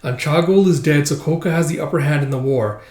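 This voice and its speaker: Man doing a mild easygoing young guy, offhand, slightly high voice, echoey room. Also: brisk, a little mellow, close to an everyday voice. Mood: calm.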